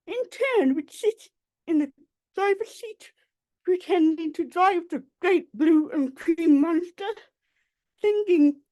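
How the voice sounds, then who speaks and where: Woman, poet, from the Black Country, high voice, unhurried measured delivery, video call audio. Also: a little mellow. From Black Country, England. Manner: deliberate, measured reading. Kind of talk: poetry reading.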